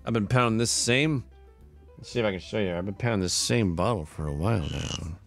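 Over faint background music, a man on a casual live stream thanks subscribers one by one, tired yet upbeat, talkative, and laughing a lot. His voice is lowish and fairly quick.

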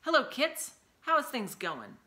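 A woman's voice: high voice, wildly swooping pitch, a little slow, bright, forceful tone, voice pushed up, exaggerated voice. A woman voicing a genial, burly male cook who speaks in an easygoing, folksy way in a storybook reading.

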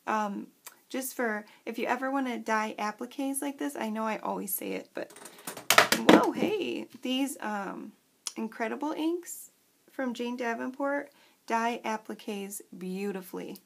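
A woman vlogger chatting casually as she unboxes craft supplies, gushing and excitable. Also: on the high side, measured pace, creaky.

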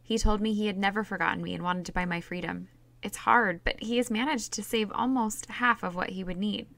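A woman's voice: medium pitch, steady tone, a little fast, creaky, a bit bright, voice pushed up. A woman reading aloud as a young slave woman who earnestly pleads her case in a storybook. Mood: pleading.

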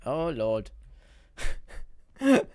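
A man's voice: mid-range voice, huge pitch swings, drawn-out words, mellow, no echo, exaggerated voice. A man voicing a scruffy, rowdy hobo in a role-play game, sing-song and chanting a catchphrase. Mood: sulky.

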